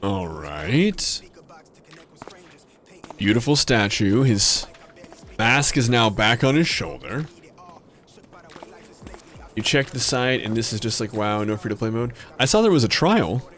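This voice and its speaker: A man's voice: fairly low pitch, big pitch swings, takes it slowly, pauses often, fairly bright tone. A young man streaming a game, chatting casually with joking, rambling asides and some swearing. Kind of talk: casual gameplay commentary.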